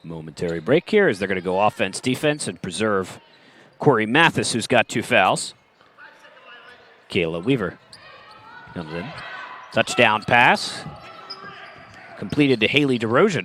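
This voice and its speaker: A man calling a live basketball game as play-by-play commentator, with brisk, excitable calls and wry asides. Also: fairly low pitch, a little hiss or hum.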